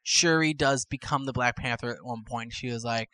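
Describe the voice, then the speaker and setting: A man's voice: mid-range voice, moderate pace. A man co-hosting a casual podcast chat, telling an anecdote and acting out the people in it. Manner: animated, acts out quotes with shifting voices. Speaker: podcast co-host. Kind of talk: casual storytelling.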